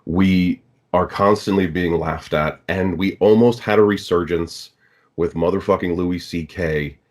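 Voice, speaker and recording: Man, very low voice, podcast guest, stammering starts, casual swearing. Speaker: guest actor and audiobook narrator.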